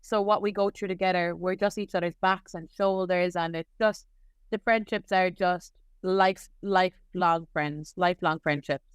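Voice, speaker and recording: A woman's voice: fairly low pitch, fairly even intonation, moderate pace, clean tone, no echo. A young adult Irish woman, a nurse, chatting casually in an interview with lots of filler words. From Ireland. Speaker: nurse guest.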